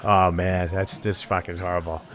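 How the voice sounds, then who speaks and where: A man's voice: low voice, little pitch movement, moderate pace, fairly bright tone. An older man from Rochester, New York, with a Western New York accent, hosting a live podcast in a bar and telling long, rambling stories full of swearing. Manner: rambling storyteller, heavy swearing, restarts. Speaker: podcast host. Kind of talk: profane live podcast banter. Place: neighborhood bar.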